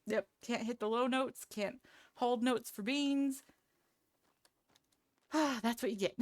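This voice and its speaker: A woman's voice: a little high, slow pace, slight background noise. A woman streamer chatting casually with her viewers, self-deprecating and laughing often. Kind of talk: casual live-stream chat.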